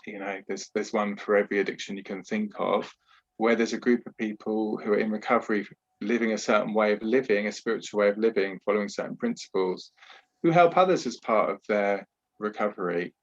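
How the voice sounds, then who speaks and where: A man's voice: on the low side, fairly quick, lo-fi sound. A man working as a trauma therapist and talking earnestly in a podcast interview over a video call, explaining at length with frequent restarts. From Britain.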